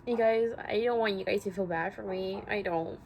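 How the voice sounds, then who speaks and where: A young woman talking to camera in a personal vlog, halting and full of fillers, close to tears. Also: mid-range voice, highs cut off. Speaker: vlogger. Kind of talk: emotional personal vlog talk. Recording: faint background noise.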